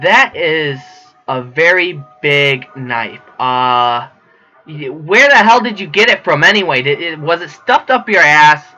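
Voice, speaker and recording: A man giving excitable, profane, joking commentary while playing a horror game. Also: fairly high pitch, unhurried. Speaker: gamer. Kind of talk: let's play commentary. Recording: dull lo-fi recording with faint game music.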